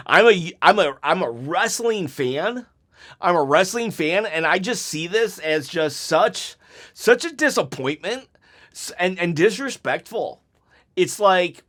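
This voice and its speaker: A man's voice: high-pitched, a bit bright. A man venting in a frustrated, emotional reaction vlog, stumbling and restarting as he talks. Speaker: wrestling YouTuber.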